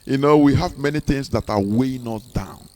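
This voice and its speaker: A man's voice: medium pitch, fairly quick, warm tone. A man giving an impassioned speech, emphatic, repeating words and asking rhetorical questions. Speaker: speaker on a live broadcast.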